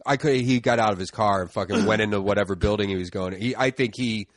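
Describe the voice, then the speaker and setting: A man's voice: fairly low pitch, fast talker, no echo, studio quality. A middle-aged man, a comedian guest, talking in casual chat, laid-back and trailing off into fillers, with some swearing. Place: indoor studio room.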